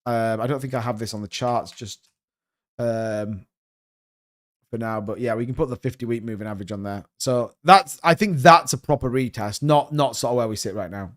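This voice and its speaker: A young man hosting a crypto live stream, talking fast and excitedly in a rambling, casual way while reading viewer comments. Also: medium pitch.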